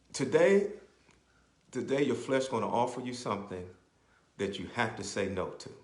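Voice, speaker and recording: A man preaching a sermon as a bishop, repeating phrases, checking in with "right?", and slowing down to explain scripture. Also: medium pitch. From Maryland, US. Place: church. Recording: roomy echo.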